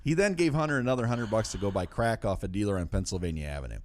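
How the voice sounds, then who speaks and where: A man's voice: lowish voice, expressive, very fast, a little mellow, slight background noise. A male host delivering comedic news banter in a brash, joking way.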